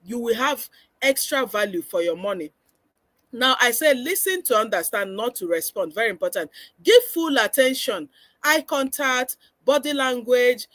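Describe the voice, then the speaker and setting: A woman's voice: on the high side, lively intonation, normal speed, fairly bright tone, no room sound. A woman giving a parenting webinar lecture, earnest and instructive, often acting out how parents should talk with children. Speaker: parenting coach.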